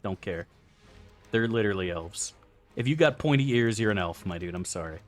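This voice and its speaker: A man's voice: lowish voice, animated, moderate pace, soft background music. A young man streaming a game live, casually and profanely bantering with his chat as he plays. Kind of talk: live gameplay commentary reading chat.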